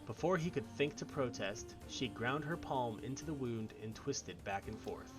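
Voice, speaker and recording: A man streamer reading story text aloud in an expressive way. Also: medium pitch, normal speed, music in the background.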